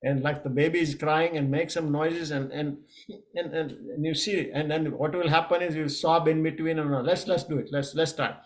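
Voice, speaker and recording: A middle-aged man coaching a yoga lesson in a casual, halting way, with many fillers and restarts. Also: on the high side, steady tone.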